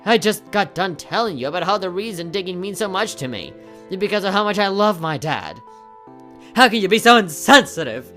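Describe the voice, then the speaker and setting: A woman's voice: medium pitch, big pitch swings, a little fast, a bit bright, soft background music. A woman voicing an anxious teenage boy who loves digging, pleading and upset, read aloud from a game.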